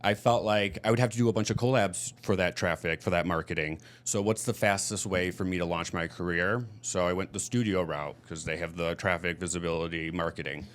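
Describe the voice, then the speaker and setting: Midwestern man, low voice, candid talkative podcast guest. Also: fairly even intonation, brisk, hardly any pauses, fairly bright tone. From Michigan. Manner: candid, chatty storytelling. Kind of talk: casual chat.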